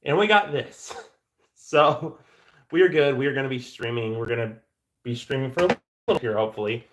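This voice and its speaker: A man's voice: mid-range voice, normal speed. A man hosting a casual livestream, rambling and joking with viewers, often stammering and restarting his sentences. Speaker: livestream host.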